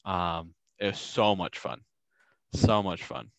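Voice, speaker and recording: A man's voice: low voice, steady tone, takes it slowly, creaky, dry recording. A man chatting casually and telling rambling stories, with many ums and uhs. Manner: rambling storyteller, many ums, acts out quotes. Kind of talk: casual chat.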